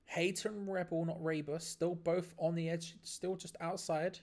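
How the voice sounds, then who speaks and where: A man hosting a live stream, giving excitable play-by-play reactions to a match, laughing often and restarting his phrases. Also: a little high, moderate pace. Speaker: watch-along stream host.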